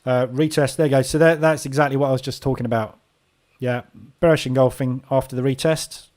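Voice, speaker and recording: Casual male host, dark mellow tone, muses aloud over live charts. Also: mid-range voice, fairly even intonation, fairly quick. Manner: casual, thinking aloud while watching charts. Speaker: trading room host. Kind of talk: live market commentary.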